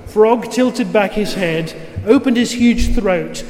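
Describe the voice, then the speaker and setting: A man reading a story aloud in a steady, clear manner with occasional asides. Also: high-pitched, slow. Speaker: reader. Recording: roomy with long reverb, faint noise.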